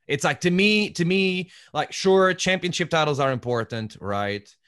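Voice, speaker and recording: A man's voice: a little high, a bit bright. A man hosting a casual podcast, a wrestler himself, bantering playfully and teasing his guest. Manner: playful and joking, quick laughs, teasing banter.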